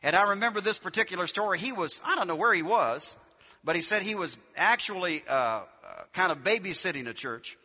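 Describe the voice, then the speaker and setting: High, bright-voiced preacher man in a reverberant hall. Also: lively intonation, fairly quick, husky. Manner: emphatic, repetitive, shouts key lines, drops low to tell stories. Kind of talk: sermon.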